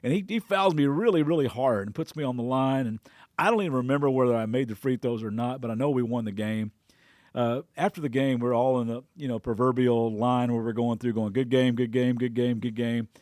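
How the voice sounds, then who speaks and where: A man's voice: mid-range voice, fairly quick, darkish tone, no echo, clean studio sound. A middle-aged man, a pastor hosting a devotional podcast, tells a personal story in a chatty way, with frequent restarts and quotes he acts out.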